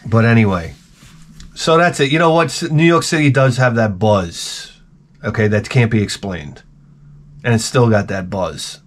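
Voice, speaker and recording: A man's voice: lowish voice, moderate pace, slight background noise. Profane rambling male vlogger. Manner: profane, rambling storyteller with restarts and asides. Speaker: video host. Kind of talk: rambling comic rant to camera.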